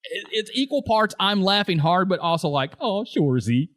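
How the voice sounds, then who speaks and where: A man's voice: sits high, lively intonation, moderate pace, a bit bright, no room sound, clean studio sound. A man co-hosting a casual podcast, laughing often as he retells favorite scenes and acts out quoted lines. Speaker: podcast co-host. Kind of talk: casual podcast chat about a TV show.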